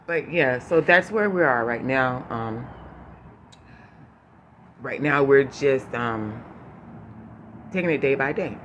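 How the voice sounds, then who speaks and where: Guy giving a choked-up update to his viewers, halting, lots of ums, steady background noise. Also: medium pitch, highs cut off. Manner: halting, with many fillers and restarts, holding back tears. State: emotional, choking up. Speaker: vlogger giving a family update. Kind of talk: unscripted personal update to viewers.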